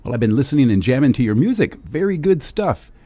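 Lively upbeat male radio host. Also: medium pitch, quick pace, no room sound. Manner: upbeat, enthusiastic presenter. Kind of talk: radio interview.

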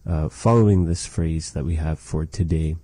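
A man teaching a language lesson, slowly and patiently saying phrases and explaining what they mean. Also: very deep voice, mellow, no room sound. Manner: repeats phrases slowly and explains them carefully.

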